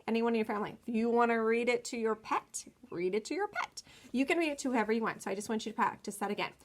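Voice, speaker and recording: Lady teacher talking to little kids on a recorded lesson, kinda high voice, sounds out words nice and slow. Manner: slow, clearly sounded-out words for young children. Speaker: kindergarten teacher. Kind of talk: recorded remote phonics lesson.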